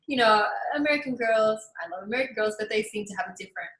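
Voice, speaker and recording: A young woman with an Australian accent talks in a relaxed, agreeable way as a guest in a casual interview. Her voice sits a little high and sounds bright and clear. The room gives it a noticeable echo. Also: fast talker. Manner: relaxed, agreeable, lots of affirming yeahs.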